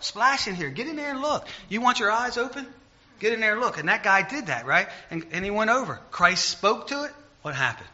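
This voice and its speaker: A man preaching an informal sermon in a conversational way, getting loud and emphatic when he retells stories. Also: on the high side, muffled recording.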